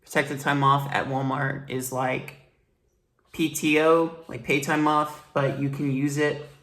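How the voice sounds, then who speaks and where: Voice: medium pitch, little pitch movement, measured pace, fairly bright tone. A vlogger in a rambling, blunt personal commentary monologue, upset and swearing now and then.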